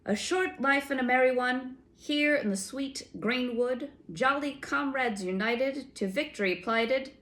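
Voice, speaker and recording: A woman voicing a gruff, blustering giant outlaw man with rough old-fashioned speech. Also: medium pitch, expressive, normal speed, fairly bright tone.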